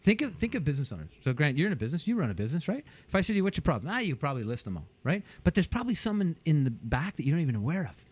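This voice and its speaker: Energetic man coach, voice leaping high. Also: rapid-fire, few pauses, husky. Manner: energetic, acts out quotes with big pitch jumps. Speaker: guest, business coach. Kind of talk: animated interview talk.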